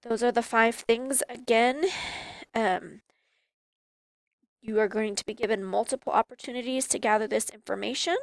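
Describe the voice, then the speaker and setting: A woman teacher walks her students through a class project in a calm, explanatory voice. Her voice is fairly high, recorded close and dry. She speaks slowly. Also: no echo, rough recording. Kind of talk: classroom instruction video.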